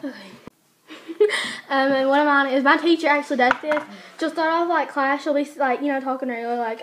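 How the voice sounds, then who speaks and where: A woman's voice: high voice, moderate pace, noisy background. A teenage girl chatting casually as a vlogger, giggly and acting out what other people said. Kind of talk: casual chat.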